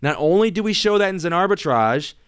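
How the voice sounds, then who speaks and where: Emphatic man with a smooth voice. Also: high-pitched, expressive, fairly quick. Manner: emphatic, reassuring, repeats and restarts words. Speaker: software company host. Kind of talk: informal screen-share explainer.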